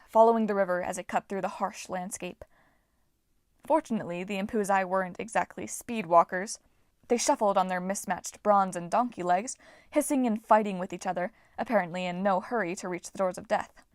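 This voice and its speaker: A woman's voice: medium pitch, dry recording. Woman reading an audiobook, mid voice, super dry recording. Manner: expressive, voices each character. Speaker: audiobook narrator. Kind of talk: audiobook narration.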